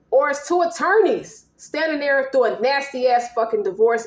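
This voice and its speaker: A woman's voice: a little high, reverberant. A woman giving a casual tarot reading in a blunt, profane way, voicing both partners in turn. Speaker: tarot reader.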